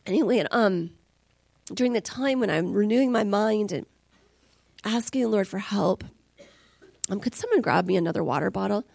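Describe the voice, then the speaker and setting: A woman's voice: medium pitch, animated, normal speed, gravelly, long pauses, darkish tone, slight background noise. A woman preaching a sermon as a conversational, emotional testimony, dropping at times to near whispers.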